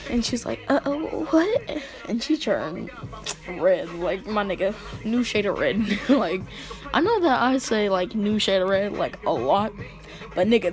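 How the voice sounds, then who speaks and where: A woman casually telling a fan-fiction story in slangy, joking talk, often breaking into laughter. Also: medium pitch.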